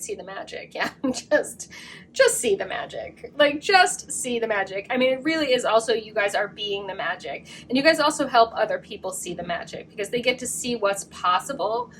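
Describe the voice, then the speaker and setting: A woman's voice: mid-range voice, a bit bright, a little hiss or hum. A woman giving a casual spiritual tarot reading to her viewers, effusive and rambling, with lots of fillers and frequent giggles. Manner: breaks into giggles. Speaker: tarot card reader.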